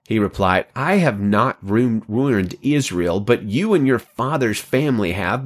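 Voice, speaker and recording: A man reading a scripture passage aloud, dramatic and expressive, giving the quoted speakers their own voices and correcting small slips as he goes. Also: mid-range voice. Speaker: scripture reader.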